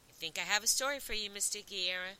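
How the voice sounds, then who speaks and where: A woman's voice: medium pitch, fast, pushed and bright, smooth, poor audio. A woman voicing a confident, persuasive twelve-year-old boy in an audiobook, polite and earnest. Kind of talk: audiobook reading.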